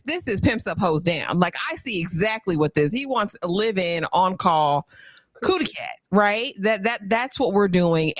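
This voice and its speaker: Woman, casual movie review co-host, mid-pitched, lively intonation, dry recording. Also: no room sound. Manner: chatty, quotes her own reactions. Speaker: podcast co-host.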